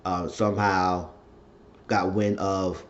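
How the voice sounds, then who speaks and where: Low-voiced man chatting through a recap. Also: slow, dull audio. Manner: chatty, animated retelling with rising excitement. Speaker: TV show recap vlogger. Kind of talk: casual episode recap.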